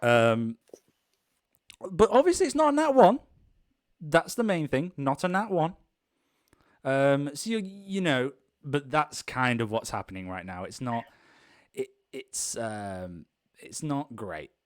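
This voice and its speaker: A man's voice: mid-range voice, lively intonation, slow, no room sound, studio quality. A man running an improvised tabletop game, narrating in a rambling way full of ums and kind-ofs. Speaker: game master.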